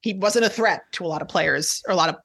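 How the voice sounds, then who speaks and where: A man's voice: high-pitched, fast, creaky, pushed and bright, slightly rough. Wry man on a casual podcast. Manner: wry, self-deprecating, rambling asides. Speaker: podcast co-host, tennis editor.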